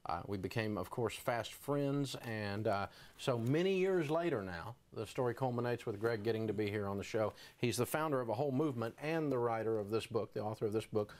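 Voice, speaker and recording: A male talk show host speaks in an animated, confessional way, with a mid-pitched voice and plain delivery. He leans into his story and then turns to welcome his guest. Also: fairly quick, few pauses. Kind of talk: television interview.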